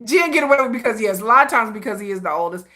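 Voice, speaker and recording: Bright, chatty woman livestreamer. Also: fairly high pitch, very fast. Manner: chatty, laughs often, animated asides; slangy, conversational. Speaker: livestream host. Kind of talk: casual livestream chat.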